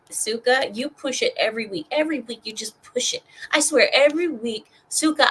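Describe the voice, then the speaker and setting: A young woman from California hosting a stream, animated and sarcastic as she rants through news commentary. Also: on the high side, low-quality recording. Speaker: streamer and host.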